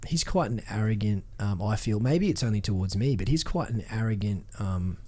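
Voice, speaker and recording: A man's voice: on the low side, animated, a little fast, darkish tone. An Australian man, a former fighter, telling stories on a podcast in a rambling, heavily swearing, restart-filled way. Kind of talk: casual podcast chat.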